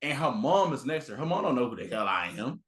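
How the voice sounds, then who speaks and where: Animated man telling stories in a roomy space. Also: mid-range voice, quick pace. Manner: animated storyteller, acts out quotes. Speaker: guest content creator. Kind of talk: casual podcast chat. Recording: roomy echo.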